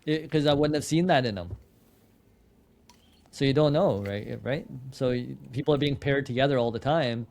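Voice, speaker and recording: A man's voice: mid-range voice, moderate pace, a little mellow. A man, a podcast guest and entrepreneur, telling a story in a casual interview, often restarting words and quoting his own dialogue. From Canada. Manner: repeats and restarts words, tells anecdotes with quoted dialogue.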